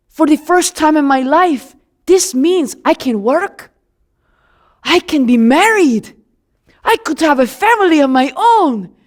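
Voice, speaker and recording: An earnest, indignant man born blind and newly sighted, as a woman tells it in his voice. The storytelling is animated and chatty, full of asides to the listener, with a rather high voice and an unhurried, drawn-out pace. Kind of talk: first-person biblical monologue.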